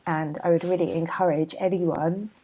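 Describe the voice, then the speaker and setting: A woman in her thirties, a blogger, hosts a laid-back solo podcast, chatty and candid, laughing a lot and drifting off topic while slightly hungover and yawning. Her voice sits on the low side with fairly even intonation at a normal pace, and the sound is lo-fi.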